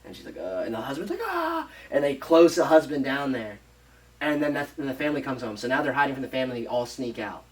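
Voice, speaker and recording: A man on a podcast casually retelling a movie plot, rambling and animated, acting out the characters' lines and swearing freely. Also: mid-range voice, fast, far from the mic, poor audio. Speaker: podcast co-host.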